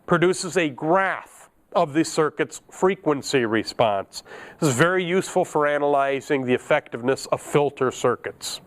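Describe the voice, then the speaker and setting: A man's voice: on the high side, lively intonation, normal speed. A middle-aged man teaching an electronics class, chatty and joking, laughing at his own asides. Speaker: electronics instructor. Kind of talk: classroom lecture.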